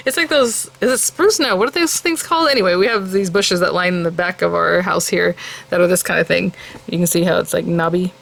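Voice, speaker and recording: A woman's voice: fairly low pitch, gravelly, a bit bright, a little hiss or hum. A woman hosting a casual crafting unboxing, chatty and gushing, with many fillers. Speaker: crafting channel host. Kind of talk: casual product unboxing chat.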